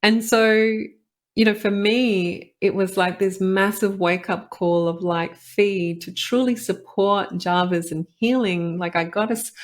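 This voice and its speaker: Woman, thirties, slightly low pitch, earnest, reflective, podcast storytelling. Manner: earnest and reflective, with frequent "like" and "you know". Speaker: podcast host and integrative doctor. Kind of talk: personal storytelling, podcast monologue.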